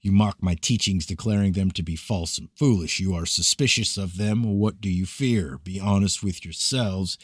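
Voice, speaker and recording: A man with a deep voice reads an ancient scripture aloud, slow and grave like a prophet's address. His delivery is measured and declamatory. The sound is dry, with no room echo. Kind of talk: solemn scripted reading of scripture.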